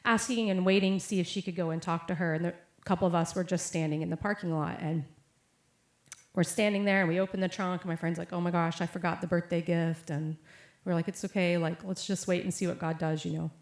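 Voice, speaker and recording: A woman's voice: fairly low pitch, fairly even intonation, fast talker. Young adult woman, chatty preacher with storytelling style; echoey hall. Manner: casual storytelling with many fillers and quoted voices. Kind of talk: sermon with personal story. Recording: echoey room.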